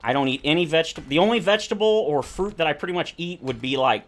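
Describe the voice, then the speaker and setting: A man's voice: on the high side, lively intonation, fast. A man streaming a survival game, chatting casually in rambling, self-correcting tangents. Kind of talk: casual chat while playing a survival game.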